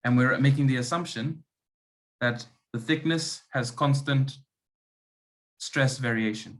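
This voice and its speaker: A man's voice: medium pitch, a little slow. A man running an online engineering lab class, explaining concepts step by step and often checking in with "okay" and "right". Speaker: lab demonstrator.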